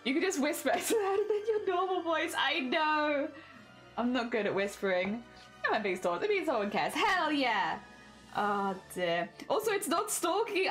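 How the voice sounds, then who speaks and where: A chatty British woman talks casually to her livestream audience, her fairly high voice swinging up and down with animated expression. She laughs easily and keeps up a running patter, with soft music playing faintly in the background. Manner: chatty, laughs often, repeats "oh dear" while reading chat. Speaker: craft livestreamer. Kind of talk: casual chat with livestream viewers.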